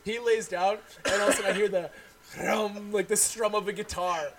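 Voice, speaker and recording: A man's voice: high-pitched, fairly even intonation, brisk, a crowd in the background. Rowdy young man telling stories. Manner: loud, laughing storyteller, swears freely. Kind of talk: casual chat.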